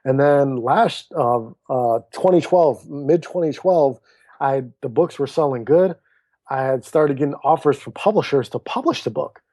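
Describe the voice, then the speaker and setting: This podcast guest, an author and speaker in his thirties, has a mid-range voice and a measured pace, recorded with no echo. Telling his story in a relaxed interview, he animatedly acts out what the people in it said.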